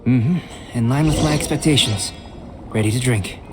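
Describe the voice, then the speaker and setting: A man voicing a calm composed alchemist. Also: medium pitch, close to an everyday voice. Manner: measured, gently lecturing. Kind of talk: video game voice acting. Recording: game audio with clear music behind. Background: game music.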